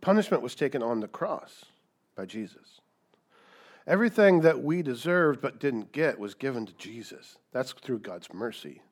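A man's voice: mid-range voice, expressive, moderate pace. Emphatic male preacher. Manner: emphatic, rhetorical questions, repeats key words. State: coughing, dry throat. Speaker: pastor. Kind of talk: sermon.

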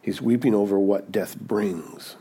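A man preaching a sermon, dynamic and conversational, rising to emphatic peaks and dropping to hushed moments, often checking in with his listeners. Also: fairly low pitch, measured pace, slightly rough. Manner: conversational, checks in with "okay?" and "right?". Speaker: pastor.

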